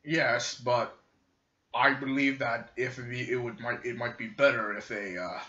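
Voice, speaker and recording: A man speaking in character at a tabletop game, stopping and restarting as he talks. His voice is bright and forceful. The recording sounds roomy and dull. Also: medium pitch, steady tone. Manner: halting, restarts mid-sentence. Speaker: player. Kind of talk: in-character tabletop role-play.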